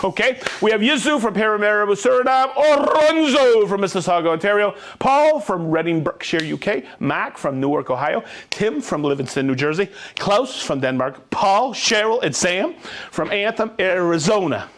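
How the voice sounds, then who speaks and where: A man's voice: sits high, lively intonation, normal speed, fairly bright tone. A man hosting a live stream, reading out viewers' names and hometowns in an upbeat way with whoops. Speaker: livestream host.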